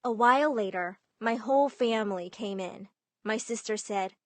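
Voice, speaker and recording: A young woman narrating her own story in first person, lively and putting on voices for family members. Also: fairly high pitch, normal speed, no echo.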